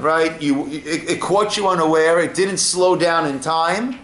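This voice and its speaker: In an echoey room with faint ambience, an American man teaches a relaxed Torah class as a rabbi. His voice is fairly high and fairly bright, unhurried, and he tells stories with frequent "right?" asides.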